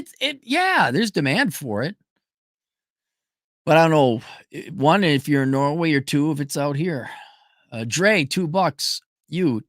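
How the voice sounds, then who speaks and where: Middle aged guy on a livestream, cussing and blunt, voice on the high side, no room echo. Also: studio quality. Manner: profane, emphatic, animated pitch jumps. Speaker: livestream host answering viewer questions. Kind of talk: blunt opinionated livestream chat.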